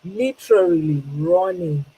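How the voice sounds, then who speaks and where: A woman's voice: on the low side, slow, dark tone, breathy edge, low-quality recording. A Nigerian woman hosting a casual livestream, greeting viewers by name and switching between English and Pidgin with frequent laughs. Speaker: livestream host.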